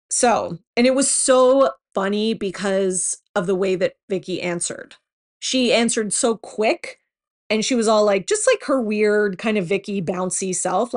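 A woman hosts a gossip podcast in a loose, chatty way, leaning on fillers as she riffs. Her pitch sits right in the middle for a woman, and she sounds animated, like she's enjoying her own commentary. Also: a little slow. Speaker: podcast host. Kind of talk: casual reality TV gossip commentary.

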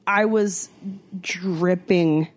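A young American woman chatting on a podcast, telling a story and acting out what people said. She swears freely, and her pitch leaps up whenever she quotes someone. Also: steady tone, drawn-out words. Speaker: podcast co-host. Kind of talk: casual chat.

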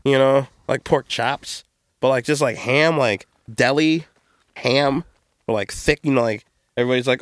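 A man's voice: mid-range voice, normal speed, no echo. A man hosting a podcast in casual, crude, rambling chat, joking around and slipping into silly voices. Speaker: podcast host.

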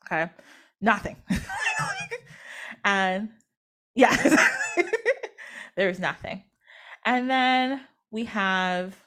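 A woman's voice: medium pitch, a bit bright. A woman hosting a podcast, retelling a myth in a bubbly, giggly, chatty way. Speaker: podcast host. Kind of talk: casual storytelling.

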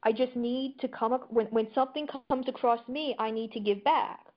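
A woman's voice: a little high, fairly even intonation, moderate pace. A woman as a guest in a casual conversation, chatty and telling stories. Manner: chatty storyteller. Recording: dull lo-fi audio.

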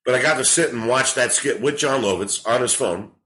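A man's voice: mid-range voice, a little fast, rough recording. A man in his forties, a comedian, telling rambling, profane stories in a casual podcast chat. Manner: rambling, profane, animated storytelling. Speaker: comedian guest.

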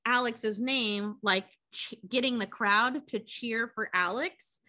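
Young woman on a podcast, kinda high bright voice, swears a lot, acts out all the lines while she retells a movie. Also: slow pace, slight background noise. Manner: profane, animated storytelling with acted quotes. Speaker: podcast co-host. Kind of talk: casual chat, recapping a movie.

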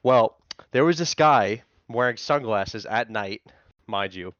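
A man in casual chat telling an excitable, profane story about a confrontation at a crosswalk. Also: on the low side, takes it slowly, no echo, muffled recording.

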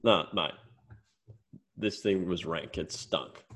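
A man's voice: low-pitched, slow, fairly bright tone. An Australian man co-hosting a podcast, telling stories in a casual, swearing way. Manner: swearing storyteller. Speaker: podcast co-host. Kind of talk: casual chat.

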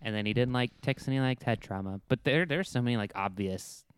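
A man's voice: medium pitch, fairly quick, smooth. A man co-hosting a podcast, chatting casually and enthusiastically about a film he loves. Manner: enthusiastic, easygoing. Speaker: podcast co-host.

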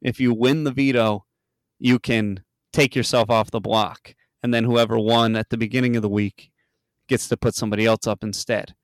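Animated swearing podcast guy. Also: medium pitch, moderate pace, no room sound. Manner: animated storyteller, swears a lot, acts out quotes in a raised voice. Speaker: podcast host. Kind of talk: casual chat, retelling a reality show.

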